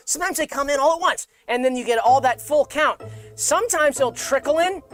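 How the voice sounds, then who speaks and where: A man co-hosting a comedy livestream, rambling in a mock-earnest deadpan and repeating himself. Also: extremely high pitch. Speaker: co-host.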